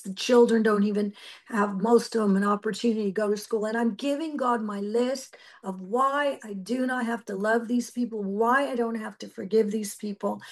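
A middle-aged woman preacher giving a personal testimony, telling her story earnestly and emotionally with halting restarts. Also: mid-range voice, creaky.

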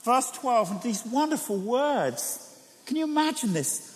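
Animated male preacher in a reverberant hall. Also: extremely high pitch, measured pace. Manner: animated, conversational preaching with rhetorical questions. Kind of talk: sermon.

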